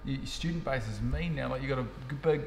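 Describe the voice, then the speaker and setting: Fast-talking New Zealand man in an echoey gym. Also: medium pitch, creaky, slight background noise. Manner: laid-back, laughs a lot, slangy. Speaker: host. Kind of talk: casual interview. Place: gym hall.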